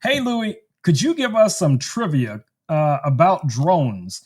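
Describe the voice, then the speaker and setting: A man's voice: on the high side, big pitch swings, takes it slowly, a little mellow, husky. Chatty man hosting a tech live stream. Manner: chatty, laughs often, restarts. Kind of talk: casual live-stream product demo.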